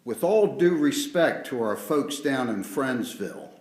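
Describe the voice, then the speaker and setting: A man addressing officials at a public hearing in a formal, measured way. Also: medium pitch, expressive. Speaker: resident giving public comment. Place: public meeting room. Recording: roomy echo of a meeting hall.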